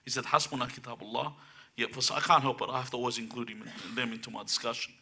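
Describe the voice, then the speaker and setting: A man's voice: mid-range voice, flat delivery, fast, sharp tone, breathy edge. A man giving a religious lecture to a live audience in a room, driving his points home with emphatic rhetorical questions.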